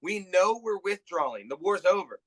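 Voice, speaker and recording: A man co-hosting a podcast, telling a story in a slangy, animated way. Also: sits high, moderate pace, dry recording, low-quality recording. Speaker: podcast co-host. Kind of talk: casual podcast chat.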